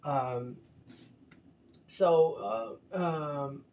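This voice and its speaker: A man's voice: on the high side, drawn-out words, a little mellow. Exasperated man, stammering, in an echoey room. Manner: emphatic and exasperated, with frequent stammered restarts. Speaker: commentator critiquing a religious article. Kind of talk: unscripted commentary. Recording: roomy echo, faint background noise.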